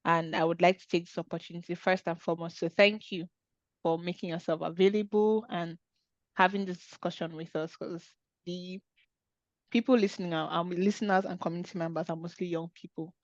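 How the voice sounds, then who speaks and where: A woman's voice: fairly low pitch, fairly even intonation, brisk, no echo, muffled recording. A woman hosting an online webinar discussion, talking in an earnest, conversational way over a video call. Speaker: webinar host.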